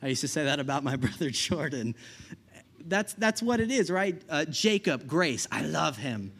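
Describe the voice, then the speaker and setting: Casual higher-voiced young male preacher. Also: sing-song, normal speed, vocal fry, a bit bright, breathy edge. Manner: casual, conversational preaching with frequent "right?" and laughs. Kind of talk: sermon.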